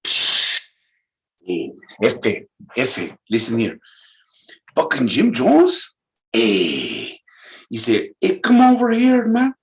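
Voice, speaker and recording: A man's voice: mid-range voice, huge pitch swings, very slow, creaky, pauses often, heavily acted, poor audio. A man voicing a swaggering Southern California Chicano guy who curses and talks tough slang, with a Chicano English accent. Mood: rowdy.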